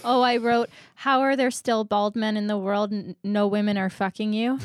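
A woman's voice: mid-range voice, flat delivery, normal speed, no room sound. A young woman co-hosting a casual podcast chat, laughing often between her lines. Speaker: podcast co-host.

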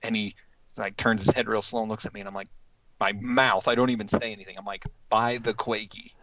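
A man's voice: on the low side, quick pace, dull audio, background noise. A man casually telling a hunting story, acting out quotes and laughing as he goes. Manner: animated, acts out quotes with laughs.

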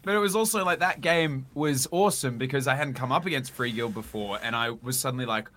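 A man, a podcast guest telling self-mocking, animated stories. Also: mid-range voice, brisk. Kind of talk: casual chat.

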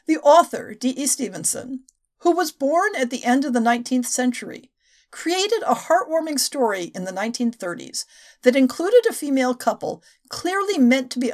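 A woman hosts a history podcast and talks through a novel in a measured voice. Her pitch sits a bit high and moves a great deal, rising and falling as she explains. Her delivery is steady and careful. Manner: measured, expressive reading. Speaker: podcast host. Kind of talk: literary history podcast with read excerpts.

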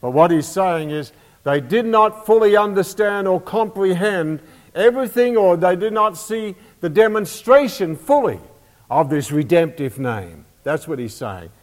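A man's voice: high-pitched, big pitch swings, measured pace. A man teaching a Bible lesson as a sermon, who stresses repeated key phrases with emphasis. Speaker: preacher. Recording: reverberant hall.

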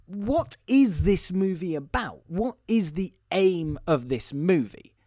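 A man's voice: high-pitched, lively intonation, slow, warm tone, dry recording, clean studio sound. A man hosting a casual podcast, chatting animatedly about a film plot with self-deprecating asides. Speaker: podcast host and editor. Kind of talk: casual film review chat.

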